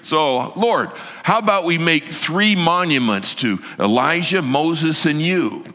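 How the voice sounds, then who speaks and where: A man's voice: on the high side, expressive, takes it slowly, sharp tone, voice pushed up, heavily acted. A man voicing a nervous male disciple who blurts things out, heard in a reverberant church hall. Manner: jittery, blurting.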